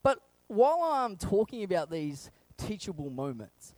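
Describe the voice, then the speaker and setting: A young man preaching a sermon, telling funny stories about fatherhood in a lively, playful way. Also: sits high, unhurried, no room sound. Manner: animated, humorous storytelling that acts out scenes.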